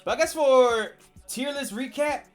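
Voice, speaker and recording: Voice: high-pitched, measured pace, faint music behind. A streamer chatting casually on a livestream, rambling with lots of fillers and restarts.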